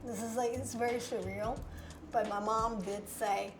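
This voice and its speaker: A woman who owns a restaurant, talking in a casual interview in an emotional, grateful way, with quick yeses and agreements. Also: fairly high pitch, steady tone. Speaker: restaurant owner. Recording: music bed under the talk. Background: background music.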